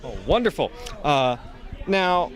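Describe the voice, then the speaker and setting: A man's voice: a little high, very animated, slow pace, soft background music. A man interviewing a guest at a convention and politely asking his prepared questions. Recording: outdoor convention recording.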